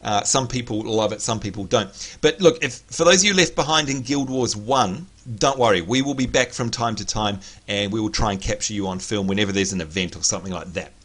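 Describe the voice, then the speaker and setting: A man hosting a casual gaming livestream, chatty and excitable, greeting viewers by name, his voice a little hoarse. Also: on the low side, a little fast, few pauses. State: slightly hoarse. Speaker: livestream host.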